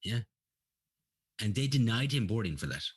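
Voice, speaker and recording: A man's voice: lowish voice, sing-song, normal speed, slightly rough. A man, telling rambling stories full of profanity in a casual chat. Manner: profane, ranting storyteller. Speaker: guest.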